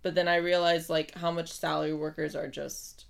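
Animated, laughing woman telling stories. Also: low voice, normal speed, vocal fry. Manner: animated storytelling, swears, laughs often. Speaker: podcast co-host. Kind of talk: casual chat.

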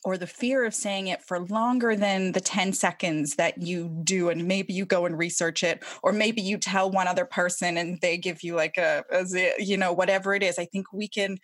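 A woman's voice: medium pitch, fairly even intonation, normal speed, hardly any pauses, no echo, studio quality. A woman hosting a podcast, speaking in a reflective, thoughtful way. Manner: warm, reflective, thoughtful phrasing. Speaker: podcast host. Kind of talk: casual interview conversation.

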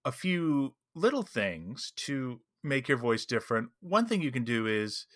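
A man co-hosting a tabletop gaming podcast, explaining tips in an animated way and checking in with "right?". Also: medium pitch, measured pace, no echo, studio quality. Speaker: podcast co-host, game master. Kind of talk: casual chat.

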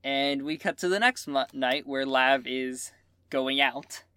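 Relaxed young game master, dry sound. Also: mid-range voice, slow, clear, resonant tone, no room sound. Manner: relaxed, with frequent "uh" fillers. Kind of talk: narrating a tabletop role-playing game.

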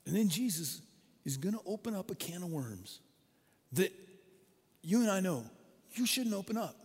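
A man preaches a sermon, telling stories with animated energy and acting out the people in them. His voice sits a little high for a man. Long reverb trails behind him, as in a large hall. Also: moderate pace, pauses often, husky. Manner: animated storytelling, acts out quoted voices. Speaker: pastor.

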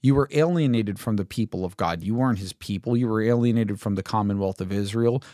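A man teaching through a Bible passage in a relaxed, conversational way, reading verses aloud and asking rhetorical questions. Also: fairly low pitch, fairly quick, no room sound, clean studio sound. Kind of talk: informal Bible commentary.

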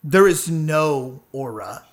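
A man's voice: a little high, expressive, slow pace. A man running a tabletop game as game master, narrating loosely with fillers and restarts.

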